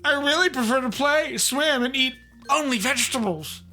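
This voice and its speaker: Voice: high voice, normal speed, sharp tone, soft background music, voice pushed up. A reader voicing a shy female jaguar with a cold, nasal and growling, in a children's storybook. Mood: sweet. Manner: sweet and sniffling.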